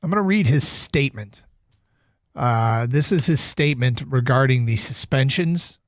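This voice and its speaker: A man hosting a sports talk radio show, reading a statement aloud with measured, deliberate emphasis in a studio. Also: mid-range voice, no room sound. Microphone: studio mic.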